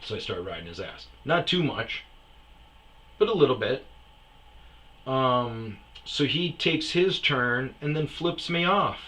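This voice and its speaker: A man telling a casual story, profane and animated, acting out the people in it. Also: medium pitch, slow. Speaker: storyteller host.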